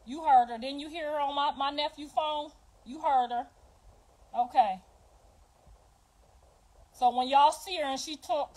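A high-pitched middle-aged woman hosting a livestream, her talk raw and heavy with profanity. She rants confrontationally at her viewers and at absent family members. Her voice jumps from loud outbursts to low, bitter mutters. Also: fairly even intonation, unhurried, pauses often, rough recording. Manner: profane, confrontational, swings between loud and hushed. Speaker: livestream host. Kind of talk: emotional livestream rant.

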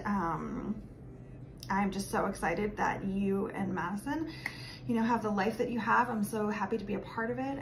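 A woman's voice: mid-range voice, noisy background. A woman giving a chatty birthday message and telling a funny story about a friend. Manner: chatty and laughing. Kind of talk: casual storytelling tribute.

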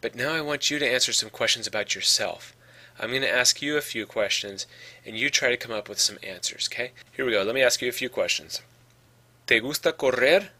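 A man's voice: medium pitch, fairly quick, bright, forceful tone. A man teaching a Spanish grammar lesson, explaining patiently and often checking in with "okay". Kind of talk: podcast lesson.

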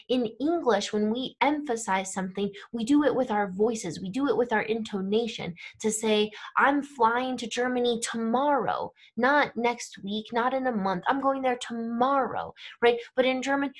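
Brief: woman in her thirties, language teacher, lightly high voice, patient explainer who checks in often. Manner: clear explanatory, checks in with "right?" and "okay?". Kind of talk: grammar lesson to camera.

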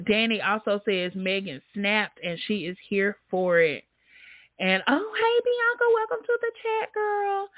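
Woman hosting a livestream, tinny and dry. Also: no room sound. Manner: animated, reads chat comments aloud, swings high for emphasis. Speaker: livestream host. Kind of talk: casual live-chat commentary. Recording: dry, tinny phone-like sound.

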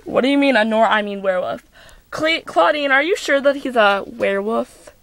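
A woman's voice: a little high, lively intonation, normal speed. A young woman playing out a homemade doll play, playful as she voices several characters.

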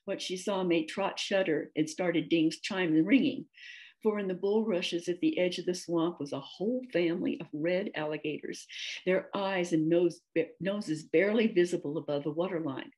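A woman narrating a children's fantasy story in a measured, gentle read-aloud manner. Her voice sits on the lower side and sounds mellow and soft. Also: poor audio. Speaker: author reading her story.

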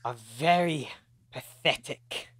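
Man doing a scornful vampire villain, sneering, high and strained, dry close sound. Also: slow pace, a bit bright, no echo. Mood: mocking.

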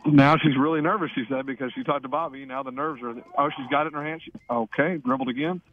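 A man giving excited play-by-play commentary on free throws, calling in by phone for a radio show. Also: medium pitch, quick pace, narrow, tinny audio. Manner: excitable, breathless narration.

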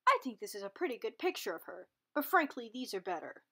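A woman's voice: a little high, very animated, quick pace, fairly bright tone. A woman jokingly commenting on her own drawings, with goofy asides and put-on voices. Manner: jokey, often dropping into silly put-on voices and sung snippets. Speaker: artist showing her drawings. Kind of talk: playful comedic commentary.

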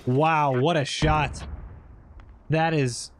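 A man's voice: on the high side, very slow, background noise. Upbeat man calling gameplay action. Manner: lively, joking play-by-play. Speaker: gameplay commentator. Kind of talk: casting commentary over squad gameplay.

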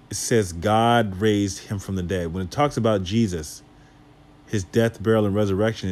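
A man's voice: low voice, darkish tone. A man leading a Bible study, reading scripture aloud and breaking it down with rhetorical questions and casual asides. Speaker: Bible teacher.

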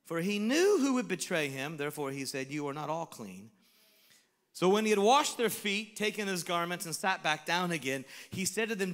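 A man preaching a sermon as pastor, animated, swinging between shouted lines and hushed asides. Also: high-pitched, normal speed, in a large hall. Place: church sanctuary.

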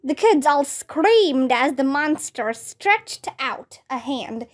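A woman reading a children's mystery book aloud in a slow, careful, even way. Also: high-pitched. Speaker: storybook reader.

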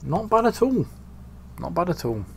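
A man hosting a casual gaming commentary, dry, deadpan and sweary. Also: high voice, moderate pace, vocal fry, slight background noise. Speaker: host.

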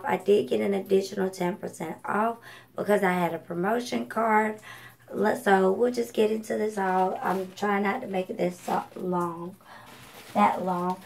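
Speaking from home at night, this Georgia woman rambles through her thrift finds, often saying um and correcting herself between allergy coughs. She has a mid-range voice with vocal fry, captured on a rough recording.

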